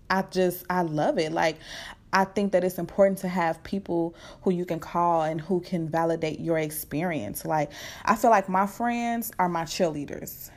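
A young woman hosting her podcast from home at night, chatting casually and excitedly with lots of fillers. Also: on the low side. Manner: chatty, animated, fast-talking with many fillers. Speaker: podcast host. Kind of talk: casual unscripted chat. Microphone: computer setup at home.

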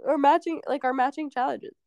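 A young woman with a high voice chats freely as a podcast co-host, stringing thoughts together with "like." The recording is dry and close to the mic. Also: fairly even intonation, fairly quick, vocal fry, darkish tone, dry recording, lo-fi sound. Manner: chatty, lots of "like" fillers. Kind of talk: casual chat.

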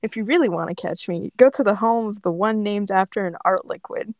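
A woman's voice: medium pitch, a little fast, no echo, natural voice. A woman voicing a taunting, unhinged riddler in a storytelling podcast.

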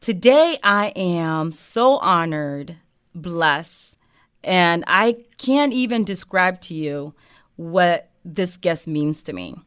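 A woman's voice: fairly low pitch, expressive, slow pace, fairly bright tone, smooth, dry recording, clean studio sound. A woman from Africa, hosting a heartfelt interview show, earnest and emotional with many fillers. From West Africa. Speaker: show host.

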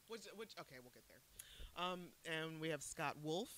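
A woman hosts a casual podcast conversation, animated and quick to laugh. Her voice is bright and moves widely in pitch. A faint hiss sits under the recording. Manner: animated, laughing often, swearing. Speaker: podcast host. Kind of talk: casual chat.

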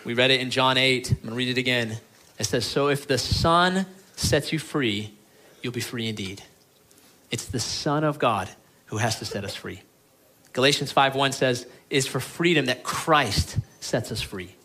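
Speaking at medium pitch and a moderate pace, a pastor addresses his congregation with earnest pleading. His delivery swings from emphatic declarations to hushed lines.

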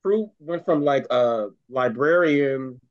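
A podcast co-host in casual chat, talking expressively and swooping up in pitch. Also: lively intonation, slow pace. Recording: dull lo-fi sound.

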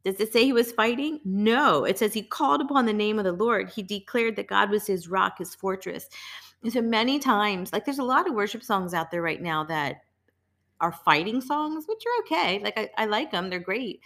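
A woman's voice: medium pitch, animated, moderate pace, fairly bright tone. A woman hosting a casual devotional talk, earnest and emphatic, often repeating phrases. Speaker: host of a devotional show.

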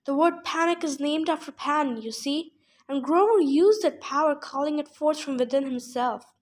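A woman voicing a wise old male centaur teacher who explains things calmly, in an audiobook reading. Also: high voice, normal speed, close to an everyday voice. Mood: explaining. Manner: calm, explanatory.

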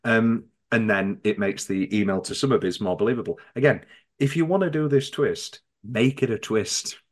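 On a laid-back podcast, a male host discusses a movie with lots of energy, readily mimicking characters in high-pitched voices.

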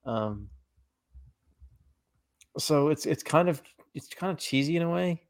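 A man's voice: on the high side, animated, a little slow. A man co-hosting a podcast in casual chat, rambling with lots of "like" and restarts. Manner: rambling, many likes and restarts. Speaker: podcast co-host.

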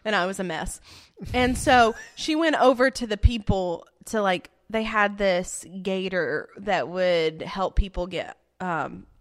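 A young woman telling a story in casual chat, animated and full of fillers, laughing often as she goes. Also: mid-range voice, unhurried, few pauses.

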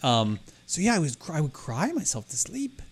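Rambling, lively-voiced male podcast co-host. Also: a little high, normal speed, breathy edge. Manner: rambling, self-interrupting storyteller. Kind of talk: casual chat.

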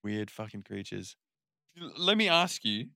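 A man's voice: fairly low pitch, very animated, unhurried, vocal fry, bright, forceful tone, no echo, clean studio sound. A man co-hosting a podcast in casual chat, laughing easily, swearing casually and steering the conversation. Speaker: podcast co-host.

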